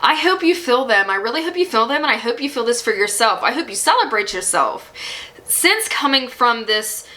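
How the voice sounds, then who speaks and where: Bright-voiced woman giving a tarot reading. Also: fairly high pitch, moderate pace, rough recording. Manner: warm and encouraging, speaks directly to the viewer, laughs often; emotional and animated at times. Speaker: tarot reader.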